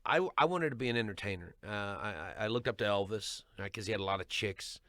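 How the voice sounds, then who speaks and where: Man, middle-aged comedian, bright forceful tone, lower voice, dry close sound, stammering restarts. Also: quick pace, dry recording. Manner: animated, repeats words as he restarts. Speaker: stand-up comedian guest. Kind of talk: storytelling chat.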